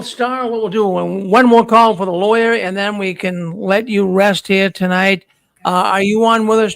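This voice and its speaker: A man hosting a live talk show, speaking haltingly with many fillers. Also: sits high, vocal fry, a bit bright, no room sound, low-quality recording. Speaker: host.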